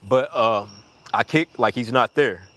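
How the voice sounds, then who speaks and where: Male storyteller, profane and rambling, mid pitch, slides into a hushed mutter at times. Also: unhurried. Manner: profane, rambling, acts out quoted voices in a high pitch; drops to a hushed mutter when reflecting. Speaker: storyteller on a live audio chat. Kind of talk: casual storytelling.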